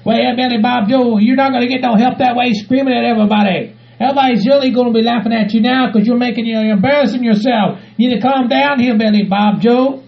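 A man doing a squeaky, gravelly sidekick. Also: steady tone, fast, hardly any pauses. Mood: pleading calming. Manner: pleading, soothing, repetitive. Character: anxious gravelly sidekick friend, male. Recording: muffled recording.

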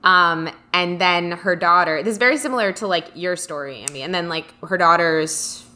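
Young woman co-host, chatty and rambling; low-pitched, bright and forceful tone. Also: normal speed. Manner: chatty storyteller, many likes and restarts. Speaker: podcast co-host. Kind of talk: casual chat.

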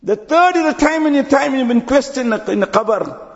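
Imam, male, high and lively sermon voice; dull recording in a reverberant hall. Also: a little fast. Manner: storytelling, drops to low quiet tones at ends of phrases.

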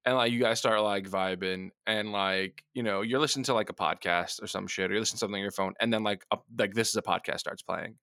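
Male podcast host, gravelly and bright, crude banter, dry close mic. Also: lowish voice, fairly even intonation, fast talker, few pauses, dry recording. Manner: crude joking, acts out voices of others, laughs often. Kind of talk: casual comedic chat.

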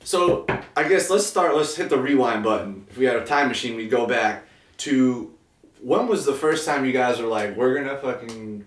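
A man's voice: mid-range voice, animated, normal speed. A man hosting a casual interview, asking questions in a jokey, playful way. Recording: echoey room, distant mic, faint noise.

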